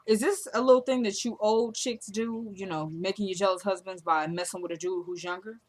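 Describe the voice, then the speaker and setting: A woman's voice: mid-range voice, a little fast. A woman chatting casually in a vlog, recapping a TV episode and acting out the characters' lines as she goes. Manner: retells scenes acting out both characters' lines; animated and chatty, addresses viewers as y'all. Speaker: TV show reviewer.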